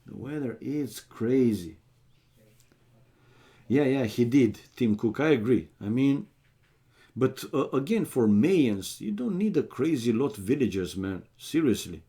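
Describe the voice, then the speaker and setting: A man's voice: mid-range voice, expressive, measured pace, warm tone. A young man, chatting casually with his viewers while casting a strategy game match, and calling them "man" as he talks. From Romania. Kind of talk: casual live-stream chat and match commentary.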